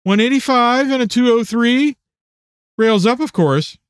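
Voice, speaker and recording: A man's voice: very high voice, unhurried, clean tone, no echo, clean studio sound, voice pushed up. A man voicing a friendly, chatty neighbor woman. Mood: cheerful.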